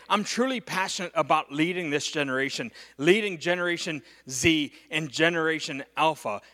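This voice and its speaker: A middle-aged man preaching as a guest speaker, telling a personal story in an animated, conversational way and often checking in with "okay". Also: fairly high pitch, in a large hall. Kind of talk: storytelling sermon.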